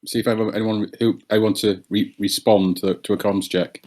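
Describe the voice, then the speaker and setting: A man's voice: lowish voice, little pitch movement, fairly quick, darkish tone. A man playing a tabletop game who talks hesitantly, stopping and restarting his sentences. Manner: hesitant, lots of ums and restarts. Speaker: player. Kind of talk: casual tabletop play.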